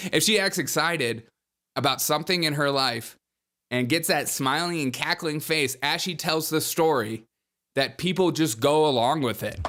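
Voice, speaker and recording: A man's voice: fairly high pitch, sharp tone. Chatty podcast host man, often laughing. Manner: chatty, laughs between points, mocking. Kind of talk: opinionated casual commentary.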